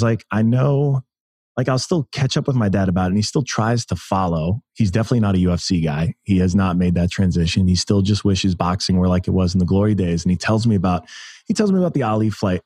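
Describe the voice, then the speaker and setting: During a laid-back interview, a thirty-something man from the United States appears as a guest, sharing stories with excitement and frequent restarts. His low, mellow voice comes through a dry recording.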